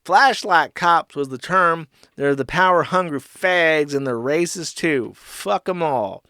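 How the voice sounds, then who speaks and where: A man's voice: extremely high pitch, measured pace, pushed and bright, clear, resonant tone, dry recording, studio quality, voice pushed up, full character voice. A man putting on the voice of an outraged drunk man, ranting indignantly at an airline. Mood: furious ranting.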